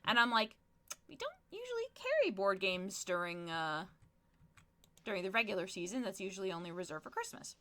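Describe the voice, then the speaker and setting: A young woman streamer tells stories in a casual, chatty way, tossing in plenty of fillers and laughs. Her voice swings widely in pitch and has a bright, forward edge. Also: a little fast. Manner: animated storytelling with frequent laughs and fillers. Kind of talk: casual chat while gaming.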